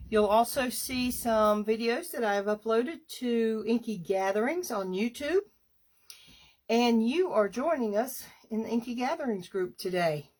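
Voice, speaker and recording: A woman demonstrating a paper craft on a live stream, chatty and unhurried, stopping now and then to clear her throat. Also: fairly high pitch, darkish tone.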